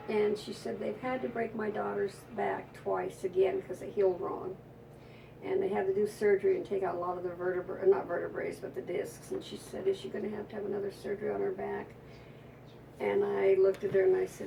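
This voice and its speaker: Gravelly-voiced woman telling a story. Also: medium pitch, level tone, brisk, recorded from a distance, background noise. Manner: emotional, rambling, frequent restarts. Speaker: psychic. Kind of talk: conversational storytelling interview.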